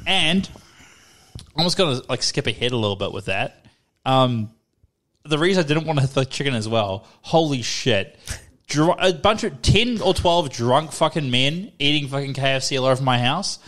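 A young man from New Zealand with a New Zealand accent, co-hosting a podcast and telling stories in a crude, swear-heavy, animated way. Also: medium pitch, normal speed. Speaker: podcast co-host. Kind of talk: casual chat.

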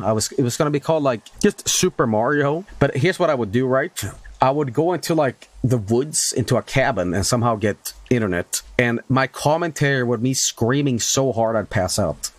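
A young man streaming a horror game, joking, swearing and yelping in fright. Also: no echo. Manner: jokey, swearing, sudden high yelps. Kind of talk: gaming stream commentary.

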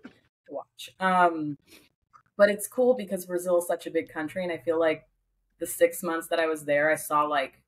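A woman's voice: deep voice, fairly even intonation, normal speed, poor audio. A young woman guest, a flight attendant, chatting casually and animatedly, rambling a little. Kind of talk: casual chat.

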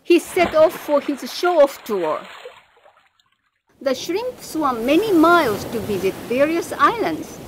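A woman narrating a children's fable in a slow, expressive read-aloud manner. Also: high-pitched, noisy background. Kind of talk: storybook narration.

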